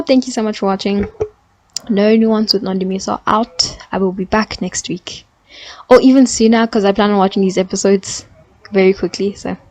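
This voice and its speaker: A young adult woman chatting casually in a review vlog, gushing with bursts of excited emphasis. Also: mid-range voice, no echo. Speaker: TV series reviewer.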